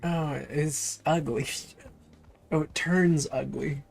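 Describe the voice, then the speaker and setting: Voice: medium pitch, steady tone, slow, gravelly, soft background music. A streamer chatting playfully through a live game session, reacting to what happens on screen.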